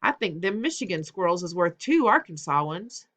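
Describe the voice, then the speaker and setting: A woman's voice: lowish voice, sing-song, normal speed, a bit bright, full character voice. A woman voicing a friendly, talkative country boy from Arkansas with a Southern drawl. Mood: boastful. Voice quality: chatty, drawling.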